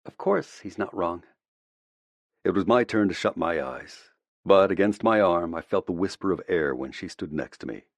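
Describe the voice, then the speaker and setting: A man narrating a first-person audiobook in a measured, reflective way, close to the mic. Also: deep voice, dry recording.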